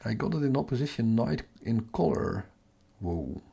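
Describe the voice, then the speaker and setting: A middle-aged man hosting a night-time telescope livestream from home, half-whispering so he doesn't wake the house, muttering to himself over his capture software. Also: mid-range voice, expressive, normal speed, vocal fry, slightly rough. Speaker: astrophotography livestream host. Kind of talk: live stream commentary, talking to chat.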